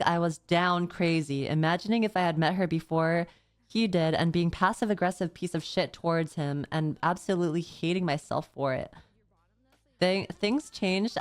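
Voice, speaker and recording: A woman's voice: on the low side, smooth. A woman streamer chatting casually and reading viewer confessions aloud, often stammering and swearing. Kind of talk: casual livestream chat, reading viewer messages.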